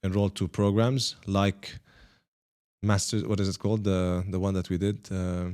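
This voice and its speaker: A lower-pitched man hosts a podcast interview. He asks plain questions, gives short affirmations and recaps what his guest has said. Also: level tone, normal speed, a little mellow. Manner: brief affirmations, summarizing guest's points. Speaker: podcast host.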